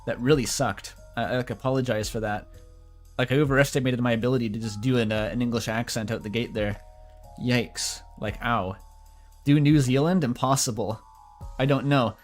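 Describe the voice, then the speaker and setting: A man's voice: medium pitch, steady tone, normal speed, faint music behind. A man casually reading a story aloud, breaking off for self-deprecating asides with mild swearing. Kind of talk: casual read-aloud of fan fiction.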